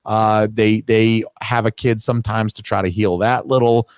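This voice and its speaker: A man with a New Hampshire accent co-hosting a podcast, blunt and deadpan, with crude jokes. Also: fairly low pitch, normal speed, smooth, no room sound. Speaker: podcast co-host. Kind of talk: casual crude banter.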